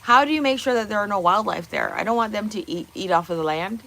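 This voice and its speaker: A woman's voice: medium pitch, quick pace, fairly bright tone. A woman hosting a casual livestream from her kitchen, blunt and opinionated, swearing and firing off rhetorical questions. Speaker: livestream host. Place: home kitchen.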